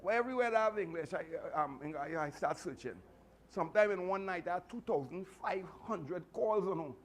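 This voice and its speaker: A man with a Trinidadian accent, telling animated, chatty stories to a martial arts class with laughing asides. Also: high voice, brisk, a little hiss or hum. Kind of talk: storytelling speech to a class.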